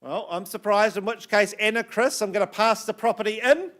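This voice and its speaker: A man running a property auction, speaking in a slow, measured way with frequent fillers. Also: high voice, fairly bright tone. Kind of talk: auction patter. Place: auction room.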